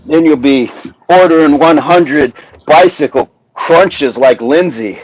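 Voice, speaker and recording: A man hosting a live workout stream, counting reps aloud in steady pairs and joking with the viewers who are following along. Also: a little high, takes it slowly, low-quality recording.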